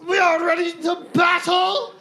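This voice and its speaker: A man's voice: extremely high pitch, level tone, unhurried, gravelly, noisy background, voice pushed up, full character voice. A man putting on a British accent to play a pompous army general rallying his troops. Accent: put-on British. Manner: shouting, half laughing.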